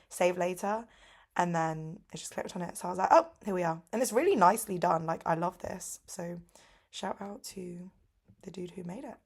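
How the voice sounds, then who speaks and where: A woman's voice: lowish voice, gravelly. A young woman in casual vlog chat, rambling with lots of "like", lying in bed in pain. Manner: rambling, heavy use of "like". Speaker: vlogger.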